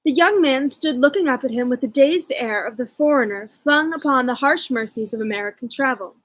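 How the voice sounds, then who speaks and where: A woman reading a novel aloud at home in a measured, even narration. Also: high-pitched, poor audio. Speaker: audiobook reader.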